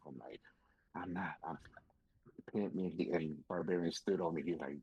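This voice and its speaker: A man with a deep, husky voice tells his wrestling stories as a podcast guest. He acts out every quote and swears casually along the way. The sound is dry and close, but slightly dull and lo-fi. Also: fairly even intonation, fairly quick, no room sound. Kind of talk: casual storytelling interview.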